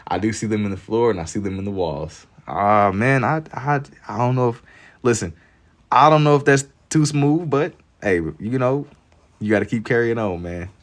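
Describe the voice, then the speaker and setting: A young man with a way of talking, drawing on a livestream and chatting easily with his viewers. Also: on the low side. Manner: laid-back, reads and answers chat while drawing. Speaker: livestream artist. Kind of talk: casual livestream chat.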